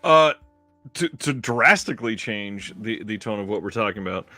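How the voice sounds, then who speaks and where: A man co-hosting a film podcast in casual chat, easygoing, often laughing and pausing on fillers. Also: lowish voice, expressive, bright, forceful tone, dry recording, soft background music. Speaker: podcast co-host.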